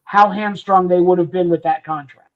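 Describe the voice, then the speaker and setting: A man's voice: sits high, steady tone, moderate pace. A man co-hosting a casual sports podcast, making emphatic points and leaning on "I mean". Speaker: podcast co-host. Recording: dull lo-fi audio.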